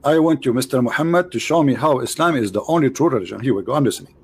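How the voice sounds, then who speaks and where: A man hosting a debate with a caller, teasing and mocking, repeating himself and swinging between loud jabs and low asides. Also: lively intonation, very fast, slight background noise. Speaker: show host debating a caller.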